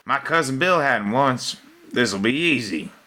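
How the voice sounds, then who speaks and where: A man's voice: medium pitch, lively intonation, a little slow, sharp tone, voice pushed up. A man voicing a brash, greedy adventurer who drawls "y'all" and cracks jokes in a tabletop game. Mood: mocking.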